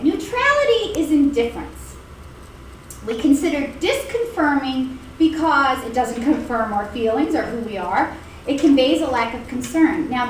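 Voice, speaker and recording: A high-pitched woman gives an animated college lecture, slipping into quoted voices and laughing along the way. She is recorded from across a very echoey hall. A steady room noise sits under her voice. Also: recorded from a distance. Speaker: college instructor. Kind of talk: classroom lecture. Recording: echoey classroom recorded from afar.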